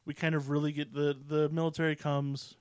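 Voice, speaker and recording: Male podcast co-host, casual and profane, lively storyteller, a touch higher voice, dry sound. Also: fairly quick, smooth, no echo. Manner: profane, animated, acts out characters in quotes. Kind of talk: casual movie recap chat.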